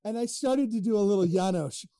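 A man's voice: high-pitched, a little fast, mellow, no room sound. A man co-hosting a podcast in casual, profane banter, arguing and laughing, close on the mic. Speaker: podcast co-host.

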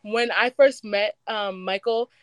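A woman's voice: mid-range voice, fairly even intonation, slow, clear, resonant tone, dry recording. A woman guest on a podcast telling a story in a chatty, casual way, with lots of fillers and cursing. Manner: chatty, filler-heavy, swears freely.

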